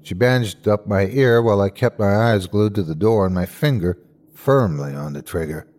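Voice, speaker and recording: A man hosting and narrating a scripted horror story with a measured, suspenseful delivery. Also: lowish voice, darkish tone. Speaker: host and narrator.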